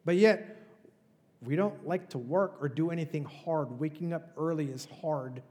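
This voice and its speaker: A man's voice: a little high, a little slow, dark tone, long reverb tail. A male pastor preaching a sermon in a conversational, emphatic way, with rhetorical questions. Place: church.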